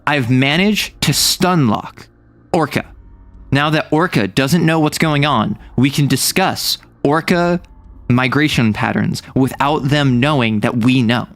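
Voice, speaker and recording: A young man from the United States talks at a measured pace during a casual stream, his medium-pitched voice fairly bright and free of echo. He drifts from topic to topic, joking and stopping himself mid-thought.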